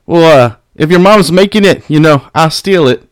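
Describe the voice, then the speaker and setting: A man hosting his own podcast, ranting at his critics with constant swearing and mocking laughter, high on weed. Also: moderate pace, no room sound. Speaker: podcast host. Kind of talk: profane solo podcast rant.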